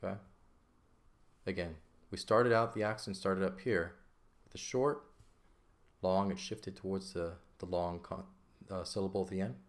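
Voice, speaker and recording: A man's voice: deep voice, fairly even intonation, moderate pace. A man teaching an ancient Greek lesson in a patient, casual way, often checking in with "okay?". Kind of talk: casual lesson explaining grammar.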